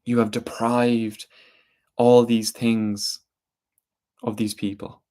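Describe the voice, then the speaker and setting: A man voicing a female water spirit in a storytelling piece, speaking in a hushed, repeating, reproachful way. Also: mid-range voice, flat delivery, slow, natural voice.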